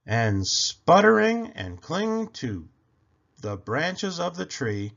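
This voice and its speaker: Slow, animated man reading a picture book. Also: mid-range voice, vocal fry, dull audio. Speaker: children's book reader.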